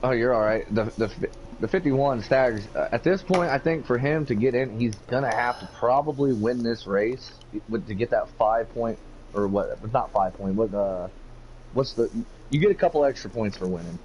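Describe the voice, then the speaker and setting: A man's voice: medium pitch, normal speed, darkish tone. A man co-commentating an online racing league in a casual, hesitant way with lots of fillers. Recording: dull lo-fi mic with faint hiss.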